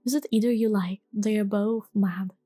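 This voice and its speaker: Woman softly voicing a grinning riddling cat. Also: medium pitch, steady tone, moderate pace, faint music behind, lightly acted. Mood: knowing. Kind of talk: whispered role-play.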